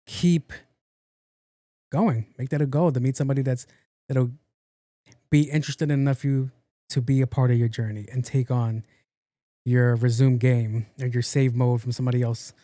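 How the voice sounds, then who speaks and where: A man hosts his own podcast, talking loosely and bluntly with plenty of swearing and jokes. His voice is warm and mellow. The sound is dry and close, with no room around it. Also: mid-range voice, steady tone, moderate pace, long pauses, dry recording. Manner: blunt, profane, joking, acts out quoted voices. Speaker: podcast host. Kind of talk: casual solo podcast chat.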